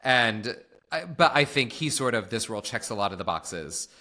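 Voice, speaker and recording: A man co-hosting a podcast, chatting in an animated, casual way with restarts and fillers. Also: medium pitch, moderate pace. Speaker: podcast co-host. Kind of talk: casual chat.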